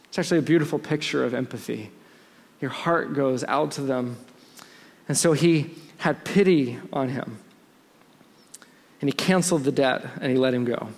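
A man's voice: mid-range voice, normal speed, pauses often, husky, big-room sound. A man preaching a sermon in a conversational, explanatory way with frequent asides. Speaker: pastor.

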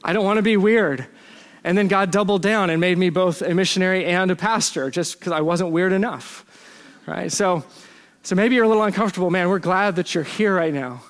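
High-voiced pastor in a reverberant church. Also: male voice, fairly quick, fairly bright tone. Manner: conversational and self-deprecating, with playful asides. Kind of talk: sermon. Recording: long church hall reverb.

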